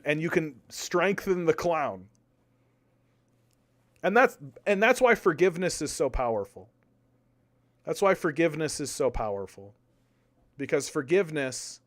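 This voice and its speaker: A young man doing casual live-stream political commentary, animated, repeating words and arguing with his chat. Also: mid-range voice. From Canada.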